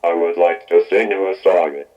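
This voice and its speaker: Ultron-like robot, flat synthetic voice. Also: male voice, deep voice, moderate pace. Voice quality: flat mechanical synthesized delivery. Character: menacing male robot voice built from a speech synthesizer. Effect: metallic flanger and reverb. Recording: dull lo-fi speaker playback.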